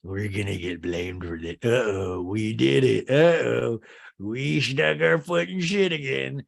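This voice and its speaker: A man imitating a sly, smug woman in a low, mocking voice. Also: unhurried, creaky.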